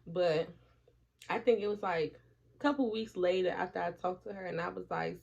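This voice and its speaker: While doing her hair at home, a woman vlogger tells a story in a casual chat, swearing freely and animatedly acting out what her friends said. Her fairly low voice is creaky with a breathy edge, at a moderate pace, and the lo-fi audio sounds dull.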